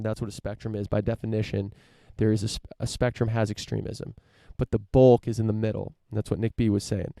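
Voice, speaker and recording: Young dude ranting on his podcast, gravelly low voice, dry close mic. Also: little pitch movement, a little fast, few pauses, dark tone, no echo. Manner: rambling, profane, frequent restarts and fillers. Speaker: podcast host. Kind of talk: casual solo rant.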